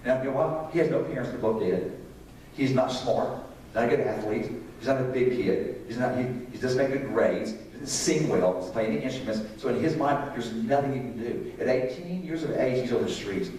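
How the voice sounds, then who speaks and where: A man's voice: medium pitch, brisk, darkish tone, a little hiss or hum. A middle-aged man preaching a conversational sermon on parenting, often putting questions to the congregation. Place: church sanctuary. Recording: echoey hall, distant mic.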